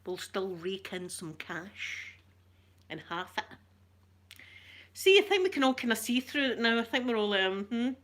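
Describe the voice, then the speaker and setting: A woman's voice: medium pitch, animated, a little slow, long pauses, fairly bright tone. A Scottish woman hosting an ASMR channel, chatting in a rambling, jokey way and greeting viewers by name. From Scotland. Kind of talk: chatty live-stream talk.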